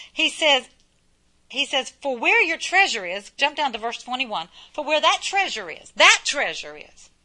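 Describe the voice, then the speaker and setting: A woman's voice: high-pitched, sharp tone. A middle-aged woman preaching a sermon in a folksy way, full of rhetorical questions and repetition.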